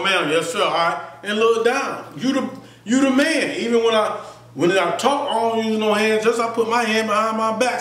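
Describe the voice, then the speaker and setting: High-voiced man, echoey room. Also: distant mic. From Florida, US. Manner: animated, acts out voices, frequent "you feel me". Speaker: interview guest. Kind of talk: casual storytelling interview. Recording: echoey room, somewhat off-mic.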